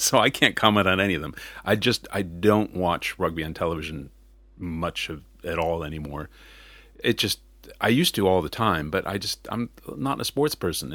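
A man's voice: low-pitched, a bit bright, no room sound. A man with a mixed accent talking through a casual, rambling monologue, often correcting himself and chuckling. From not New Zealand.

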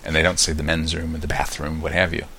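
Gravelly low-voiced American man, chatty. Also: level tone, fast talker, pushed and bright, slight background noise. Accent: American with slight New Zealand mix. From United States. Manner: rambling, chatty, frequent ums and restarts. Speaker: podcast host. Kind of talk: casual podcast monologue.

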